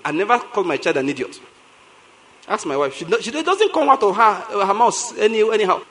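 A male pastor with a Nigerian accent delivers a lively sermon in a notably high voice. he tells stories with a lot of energy, hammers points home by repeating himself, and breaks into laughter often. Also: a little fast. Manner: animated storytelling, repeating lines for emphasis, laughs often.

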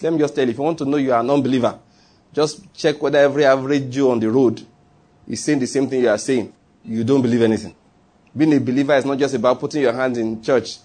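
Husky-voiced pastor guy preaching, chatty, keeps repeating lines and asking the crowd stuff. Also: medium pitch, a little mellow. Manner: conversational preaching, repeats key phrases, asks the congregation questions. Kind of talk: sermon.

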